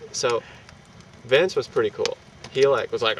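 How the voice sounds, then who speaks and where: A young man telling a rowdy anecdote in casual, profane, animated fashion, laughing between lines. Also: mid-range voice, unhurried. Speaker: storyteller. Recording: distant mic with street and traffic noise.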